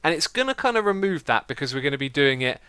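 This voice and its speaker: Bright, chatty man narrating his gameplay. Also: a little high, big pitch swings, fast, clear, resonant tone, no echo. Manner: chatty, upbeat, laughs often, talks to his horses. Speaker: Minecraft video host. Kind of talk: casual gameplay commentary.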